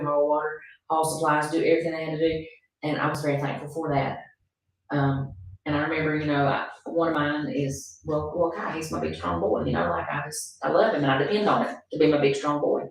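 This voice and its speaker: Low-voiced woman host, echoey room. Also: a little fast. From Appalachian North Carolina. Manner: earnest, repeats herself for emphasis. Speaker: podcast host. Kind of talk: emotional casual conversation. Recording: echoey room, far from the mic.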